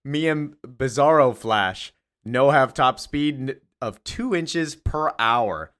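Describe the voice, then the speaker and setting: A man voicing a dim-witted male Bizarro superhero who talks in broken, backwards grammar and boasts loudly. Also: medium pitch, takes it slowly. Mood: boastful. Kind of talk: comic recap acting out quotes.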